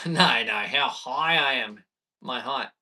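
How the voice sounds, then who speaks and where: An Australian man in his thirties, a bass player chatting easygoing with viewers on a live stream. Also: slow, pushed and bright, recorded from a distance. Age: 30s. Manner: chatty and easygoing, reading viewer questions aloud.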